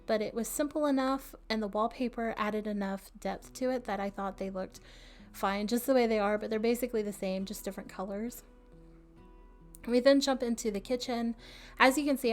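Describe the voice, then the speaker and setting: A woman chatting casually through a voice-over about her build, laughing often and adding friendly asides, with the hiccups. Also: mid-range voice. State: has the hiccups. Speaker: game builder narrating a build video.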